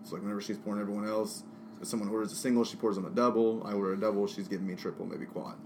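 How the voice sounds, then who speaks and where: A man's voice: on the low side, fairly even intonation, racing, noisy background. A man co-hosting a casual podcast, telling rambling, profane stories while drinking. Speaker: podcast co-host. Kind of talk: casual chat.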